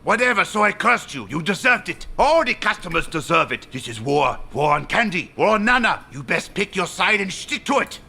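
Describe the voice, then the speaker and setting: Spiteful cursing witch; gravelly, raspy, high and sharp. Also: sing-song, normal speed, few pauses, exaggerated voice. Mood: defiant. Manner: defiant, scornful.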